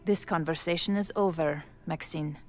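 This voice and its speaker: A woman's voice: deep voice, normal speed, soft background music, natural voice. A middle-aged woman playing a cold, composed woman in authority who speaks in a curt, dismissive way in a video game.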